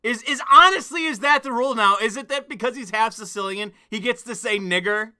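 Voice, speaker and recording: A man's voice: very high-pitched, brisk, bright, forceful tone, no echo. A young man hosting a casual stream, reacting to a clip with laughing, profane disbelief.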